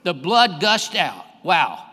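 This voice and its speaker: A man preaching a fervent sermon as pastor, swelling louder on his key phrases. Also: high-pitched, huge pitch swings, takes it slowly, breathy edge. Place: church sanctuary. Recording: long reverb of a large hall.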